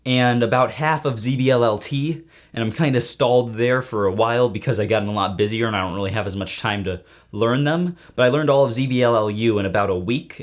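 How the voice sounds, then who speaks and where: A man answering viewer questions in a casual vlog, rambling with goofy jokey asides. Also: on the low side.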